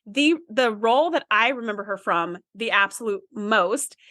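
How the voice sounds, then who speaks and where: Woman, podcast co-host, bright tense tone, dry close sound, chatty casual talk. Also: mid-range voice, expressive, normal speed, no echo. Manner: chatty, reflective, agreeable. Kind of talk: casual chat.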